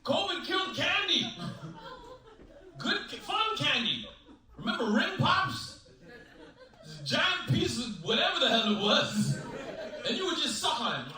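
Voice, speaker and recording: A man performing a stand-up comedy set on stage, animated, acting out voices and shouting his punchlines. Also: very high voice, a little slow, long pauses, recorded from a distance, crowd noise. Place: large hotel ballroom, stage. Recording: loud echoey ballroom, heavy noise.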